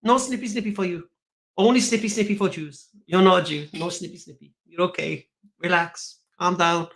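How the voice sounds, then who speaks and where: Man putting on a high, gentle, reassuring elder in a comic skit. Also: normal speed. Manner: soothing, reassuring. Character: soothing elder reassuring a convert, calm, fatherly.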